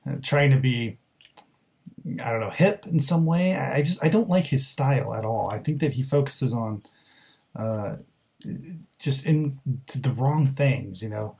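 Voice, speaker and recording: A man's voice: medium pitch, lively intonation, measured pace, creaky, darkish tone. A man co-hosting a film review podcast, talking in blunt, exasperated casual chat with frequent swearing.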